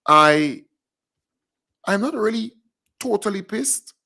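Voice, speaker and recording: A man co-hosting a live online talk show, chatting easily with pauses and asides. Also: sits high, expressive, vocal fry, sharp tone. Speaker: co-host. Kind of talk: casual live chat.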